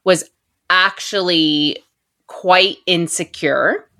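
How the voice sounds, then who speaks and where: Casual bright-toned woman, animated storytelling, keeps laughing. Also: on the low side, slow. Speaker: podcast co-host. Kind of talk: casual chat.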